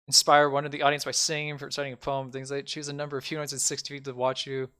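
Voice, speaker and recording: Rambling game-master man, bright voice. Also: medium pitch, monotone, racing, smooth. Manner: loose, rambling, filler-heavy. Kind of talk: narrating a tabletop game.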